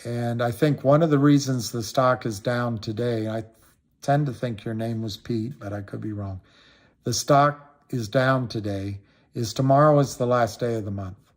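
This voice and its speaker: A middle-aged man talks loosely on a livestream and circles back over his points. He hammers words again and again, and his voice jumps up when he gets riled. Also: darkish tone. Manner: rambling, repeats himself for emphasis, pitch swings up when riled. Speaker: livestream host talking stocks. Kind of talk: casual livestream talk answering viewers.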